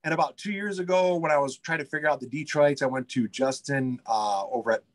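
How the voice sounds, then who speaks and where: A man who runs a pizza shop in the United States speaks briskly in a slightly high voice. He's chatting casually in an interview, eager and rambling, with frequent fillers and restarts.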